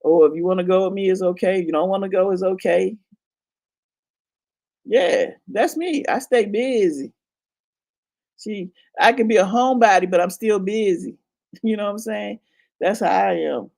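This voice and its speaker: A woman in her fifties with a gravelly, crackly voice spins a casual story to her viewers. She talks frankly, swears freely and breaks into laughter as she tells it. Her pitch sits in an ordinary middle range. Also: moderate pace, pauses often, mellow. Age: 50s. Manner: frank, profane storytelling, laughing and acting out quotes. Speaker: channel host.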